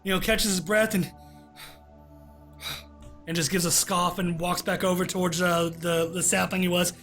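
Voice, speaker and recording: A man narrating as game master in a tabletop game, halting, with many fillers. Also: high voice, level tone, a bit bright, soft background music.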